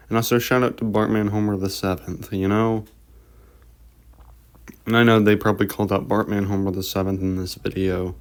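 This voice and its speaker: A man's voice: on the low side, flat delivery, brisk. A man hosting a reaction video, talking in a casual, rambling voice-over. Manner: rambling, offhand remarks.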